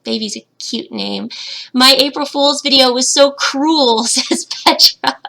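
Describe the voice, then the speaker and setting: A woman's voice: sits high, unhurried, vocal fry, pushed and bright. A young woman hosting a casual livestream Q&A, reading chat comments aloud and giggling, her voice slightly cracking, into a webcam at home. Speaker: fish-keeping channel host, betta breeder.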